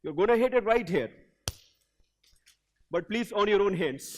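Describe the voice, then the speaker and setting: Male leadership coach with a very high voice, energetic keynote speaker who drives audience participation in a hotel hall. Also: unhurried, a little hiss or hum. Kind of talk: motivational keynote with audience call-and-response. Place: hotel event hall before a large audience.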